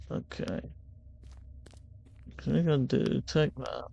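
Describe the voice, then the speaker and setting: A man gives casual commentary on his game playthrough, thinking aloud as he plays. His voice is smooth with some gravel in it, and he talks slowly. The recording is dull and a little lo-fi. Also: mid-range voice, mellow. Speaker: gaming channel host.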